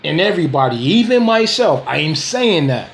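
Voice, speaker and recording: Guy with a high voice going off on a casual vid rant, street slang, keeps repeating himself, laughs it off. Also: sing-song, normal speed, vocal fry, a little hiss or hum. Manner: laughs scornfully between lines. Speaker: dog breeder and vlogger.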